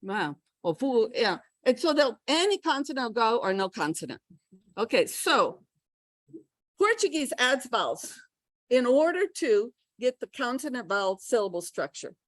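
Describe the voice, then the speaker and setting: A middle-aged woman giving a pronunciation workshop, lively and often checking in with her listeners. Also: a little high, normal speed, no room sound. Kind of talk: lecture to English teachers.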